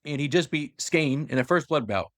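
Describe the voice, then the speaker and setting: This podcast host has a fairly high voice and a moderate pace as he walks his co-host through a long story of lore. He's animated, performs the quoted lines, and uses lots of fillers. The audio is clean studio sound without any room tone.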